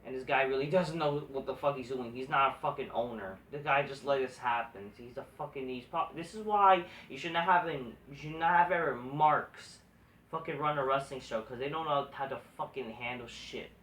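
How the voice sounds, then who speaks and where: A man's voice: medium pitch, moderate pace, fairly bright tone. A man ranting casually and profanely about wrestling news, rambling and exasperated, with lots of restarts. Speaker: wrestling commentary vlogger. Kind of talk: casual rant. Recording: echoey room from far off the mic.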